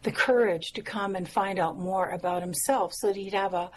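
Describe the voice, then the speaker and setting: A woman songwriter telling stories about her songs in a relaxed interview, pausing with fillers and soft laughs. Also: mid-range voice. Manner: warm, reflective, frequent fillers and soft laughs. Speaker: songwriter and musician guest. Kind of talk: casual interview conversation.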